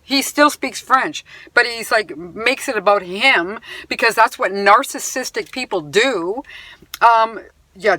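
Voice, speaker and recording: Slow and sharp-toned with a voice on the high side, a woman from Canada vents indignantly to camera about a personal upset. She sighs through an emphatic retelling, reads items from a bill, and the audio is close and dry with no room sound.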